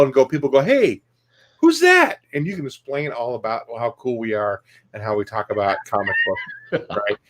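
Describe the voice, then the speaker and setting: A man hosting a casual comics podcast, rambling through upbeat plugs with lots of fillers. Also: medium pitch. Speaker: podcast host. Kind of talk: casual chat.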